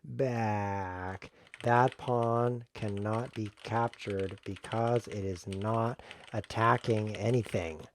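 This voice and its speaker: A man streaming a chess game, talking to himself in a jokey, excitable way as he plays. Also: lowish voice, slow pace. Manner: jokey, excitable self-talk while playing. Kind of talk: live game commentary.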